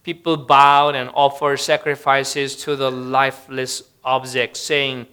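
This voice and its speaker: A male pastor giving a Sunday sermon in a church sanctuary, pausing often with fillers. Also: medium pitch, monotone, bright, forceful tone, clean tone. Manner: hesitant, many fillers.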